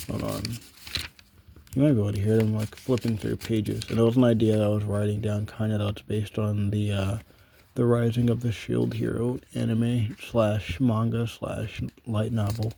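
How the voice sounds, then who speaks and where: A young man rambles through a loose, casual monologue full of ums and offhand swearing while flipping notebook pages in a small room. His voice is on the low side, mellow, with vocal fry and no room sound.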